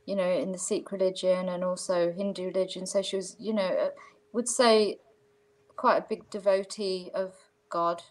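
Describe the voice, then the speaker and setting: A woman's voice: fairly low pitch, flat delivery, moderate pace. Woman chatting on a video call. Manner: rambling, many fillers. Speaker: guest. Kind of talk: casual video-call chat.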